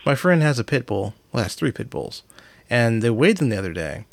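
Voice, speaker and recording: A man joins the chat with a blunt, joking manner and plenty of swearing. His pitch swings widely as he talks. The sound is dry, close to the mic. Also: big pitch swings, brisk, gravelly, dry recording. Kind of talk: casual chat.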